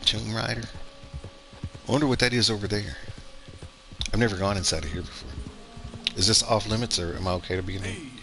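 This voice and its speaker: A man's voice: on the low side, steady tone, a little fast, long pauses, over music. A man giving casual gameplay commentary, thinking aloud and rambling with fillers and restarts as he plays. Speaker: gaming streamer.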